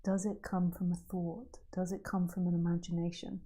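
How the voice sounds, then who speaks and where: A woman giving a spiritual talk to a group, playful and jokey, swinging from hushed questions to excited outbursts. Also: fairly low pitch, normal speed, breathy edge. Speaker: non-duality teacher.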